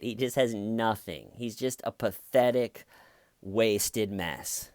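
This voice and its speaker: Low-voiced man telling a story, dry sound. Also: takes it slowly, a little mellow, no echo. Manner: rambling, many restarts and self-corrections. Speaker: channel host. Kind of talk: casual storytelling commentary.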